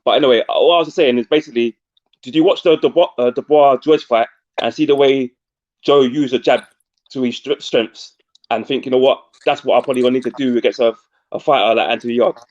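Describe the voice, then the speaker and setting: A man's voice: mid-range voice, brisk, a little mellow, highs cut off. A man co-hosting a podcast who asks long, rambling questions and corrects himself as he goes. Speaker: podcast co-host. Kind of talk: casual interview questions.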